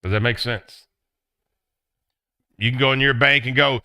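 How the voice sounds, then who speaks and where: Animated man lecturing a class. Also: measured pace, long pauses, dry recording. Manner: acts out quotes in a high excited voice. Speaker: business instructor.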